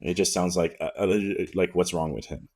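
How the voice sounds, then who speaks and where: A man's voice: deep voice, fairly even intonation, moderate pace, a little mellow. A man with a French accent co-hosting a podcast, chatting casually, laughing and stumbling over his words. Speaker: podcast co-host. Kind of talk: casual chat.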